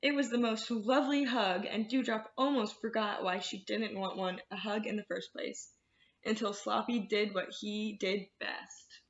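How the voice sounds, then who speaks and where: A woman's voice: medium pitch, fairly even intonation, normal speed. A woman librarian reading picture books aloud to children, talking to them in a sing-song way. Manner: warm, sing-song, talks to kids. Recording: roomy, slightly dull sound.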